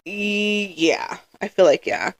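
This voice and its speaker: A woman's voice: medium pitch, slow, creaky. A woman co-hosting a casual podcast, telling stories with acted-out quotes and frequent laughter. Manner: laughs often, animated storytelling with put-on quotes. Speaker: podcast co-host. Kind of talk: casual chat.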